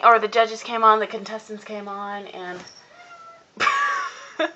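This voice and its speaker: A teenage girl telling a long casual vlog story about her day, rambling and acting out what people said in animated voices. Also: fairly high pitch, slow pace, pauses often, lo-fi sound. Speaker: vlogger. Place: indoors at home, cold room.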